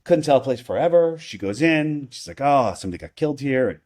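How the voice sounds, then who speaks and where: A man's voice: mid-range voice, lively intonation, fast, a little mellow. A man who is a podcast guest telling a personal story in casual conversation, rambling, restarting his sentences and often asking "right?".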